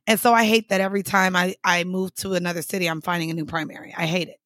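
A woman's voice: lowish voice, steady tone, fast talker, a bit bright, no room sound, studio quality. A woman hosting a podcast in casual chat, blunt and chatty, swearing casually. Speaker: podcast host.

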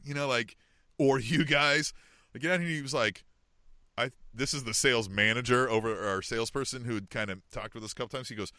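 A man's voice: mid-range voice, brisk, sharp tone, no echo, clean studio sound. A middle-aged man from the Kansas City area, co-hosting a podcast and telling a long story in casual chat, peppering it with "you know what I mean" and "right?". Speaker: podcast co-host.

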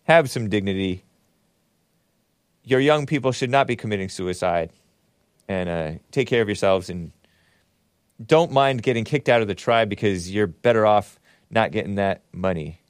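A man's voice: lowish voice, moderate pace, pauses often, clear, resonant tone, no echo, clean studio sound. A man hosting a casual solo talk show, rambling sardonically, laughing at his own jokes and spelling words out letter by letter. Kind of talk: casual solo commentary reading super chats.

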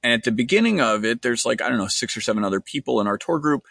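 A male podcast host speaks in a solo monologue at a mid pitch, telling stories with a wry edge and analysing in an earnest tone. The recording is close and dry, with no room reflections. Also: lively intonation, quick pace, gravelly, a bit bright, no room sound.

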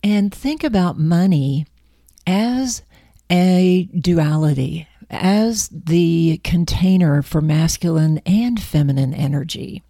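Slow, low-voiced woman wealth coach. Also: mellow, no room sound, clean studio sound. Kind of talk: scripted talk to camera.

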